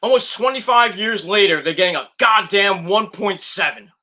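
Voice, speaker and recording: A man's voice: high voice, animated, moderate pace, bright, forceful tone. A young man hosting a wrestling review, ranting heatedly and swearing a lot.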